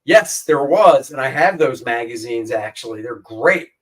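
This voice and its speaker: A man's voice: medium pitch, lively intonation, a little slow, recorded from a distance, poor audio. A man co-hosting a casual chat show, rambling and joking as he pages through comics. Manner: jokey, rambling, flips voices for quotes. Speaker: co-host.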